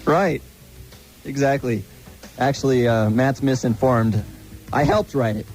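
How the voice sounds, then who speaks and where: A man's voice: mid-range voice, measured pace, darkish tone. A man co-hosting a live radio countdown, joking his way through on-air mistakes. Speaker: radio DJ co-host. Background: music.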